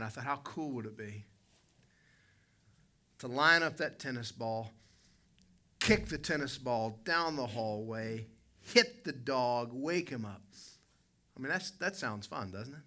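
Bright-voiced preacher telling a story. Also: male voice, mid-range voice. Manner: folksy storytelling, calls out to people in the congregation. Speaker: pastor. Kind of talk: preaching a sermon with a personal story.

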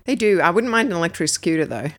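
An Australian woman co-hosts a podcast in casual chat, quick to tease and laugh. Her voice sits on the low side but swings widely in pitch, sounding animated and expressive. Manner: lively, teasing, laughs often. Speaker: podcast co-host.

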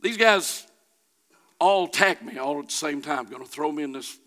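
A middle-aged man preaching a sermon, telling a folksy personal story that builds to shouting. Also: a little high, lively intonation, moderate pace.

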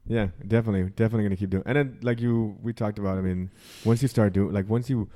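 Fast-talking low-voiced man. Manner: animated storyteller, swears freely. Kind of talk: casual chat.

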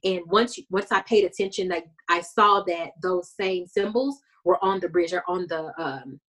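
A woman's voice: lowish voice, normal speed. A woman co-hosting a casual chat, recapping a TV episode and acting out lines from it. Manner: animated storytelling, acts out characters' lines. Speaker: podcast co-host.

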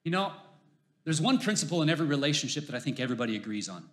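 A man preaching a sermon, animated, swinging from loud emphasis to hushed lines and telling jokey stories. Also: on the high side, rapid-fire. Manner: jokey storyteller. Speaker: pastor.

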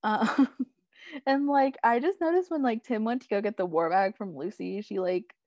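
A woman's voice: fairly high pitch, normal speed, a little mellow, no echo. A young woman in casual chat, recapping a TV episode, rambling with lots of "like" and "um" and frequent laughs. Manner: rambling, heavy use of "like" and "um", laughs often. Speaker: podcast co-host recapping a TV episode.

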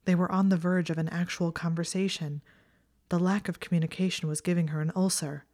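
Low-voiced woman reading a story. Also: fairly even intonation, brisk, mellow. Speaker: narrator. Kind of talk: audiobook narration of fan fiction.

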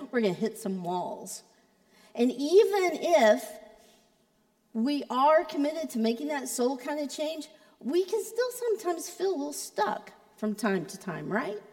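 A woman's voice: a little high, darkish tone, in a large hall. A woman pastor giving a sermon in a conversational, playful way, with joking asides to the congregation. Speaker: creative arts pastor.

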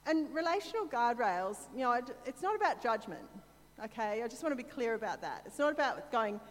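A Sydney church speaker with an Australian accent delivers a conversational sermon, weaving stories with chatty, self-deprecating asides. Her voice is fairly high and swings widely in pitch, moving at a fairly quick clip, and a long reverb tail trails each phrase.

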